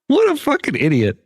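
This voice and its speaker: A man's voice: very high-pitched, no echo, clean studio sound. A man streaming a game live, mocking another player with crude, laughing commentary. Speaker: gaming streamer.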